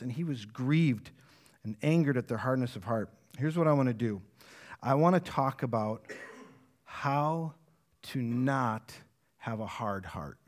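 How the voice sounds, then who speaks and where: A man's voice: mid-range voice, lively intonation, unhurried. A man in his thirties, a pastor preaching a sermon in a conversational way, with frequent fillers and restarts.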